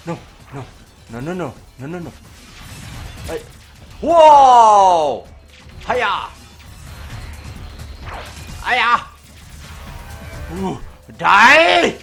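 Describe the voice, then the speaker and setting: A man giving frantic let's play commentary, panicking loudly and joking. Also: high-pitched, extremely slow, pauses often, faint music behind. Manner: animated, joking. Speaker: gaming channel host.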